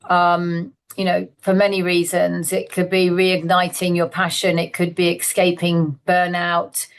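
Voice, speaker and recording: A middle-aged woman giving a webinar talk over a video call, relaxed and halting, with many ums. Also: fairly low pitch. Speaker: guest speaker. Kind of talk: presenting a webinar.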